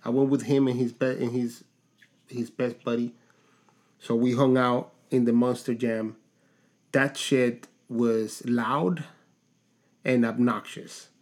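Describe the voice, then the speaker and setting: A man co-hosting a podcast in casual chat, telling stories in a halting way with many restarts. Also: mid-range voice, level tone, a little mellow. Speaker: podcast co-host.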